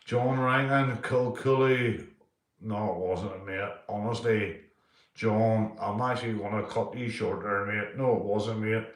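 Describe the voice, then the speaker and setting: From an echoey room, a man speaks in a fairly low, unhurried voice with fairly even intonation during a relaxed live-stream chat. He rattles off viewers' names, swears heavily, and repeatedly calls people "mate".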